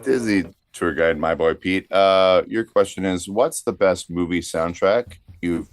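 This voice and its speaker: A man's voice: sits low, a little slow, dry recording. A man co-hosting a comedy podcast, introducing segments in a rambling, hesitant way. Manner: rambling, hesitant, lots of fillers. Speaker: podcast co-host.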